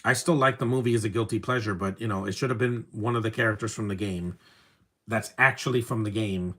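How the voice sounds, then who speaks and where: A young man giving casual live commentary over a movie, wry and opinionated, often trailing off into quiet asides. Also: fairly low pitch, brisk. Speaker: film commentary host.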